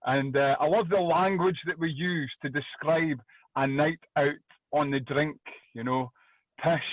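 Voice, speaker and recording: A loud Scottish comedian tears through his set with crude swearing and plenty of energy. His voice sits a touch high and comes through a thin, phone-like line. The room around him is completely dry. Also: no echo. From Scotland. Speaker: stand-up comedian. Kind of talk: stand-up comedy. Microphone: video call. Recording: dry tinny phone-like call audio.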